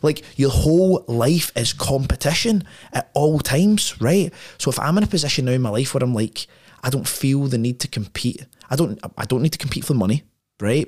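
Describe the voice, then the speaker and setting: A man speaking as a podcast guest in casual conversation, blunt and profane, often ending points with tag questions. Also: medium pitch. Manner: frequent tag questions and restarts.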